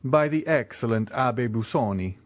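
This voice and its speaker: A suave, commanding count, as a male narrator reads him, courteous and knowing, measured in his phrasing. The voice moves with lively intonation and sits dry and close in a storybook reading. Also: medium pitch, no echo, close to an everyday voice.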